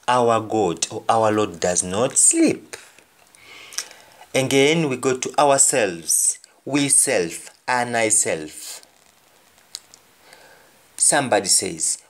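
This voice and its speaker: A man teaching a language lesson, repeating each example phrase deliberately. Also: on the low side, lively intonation.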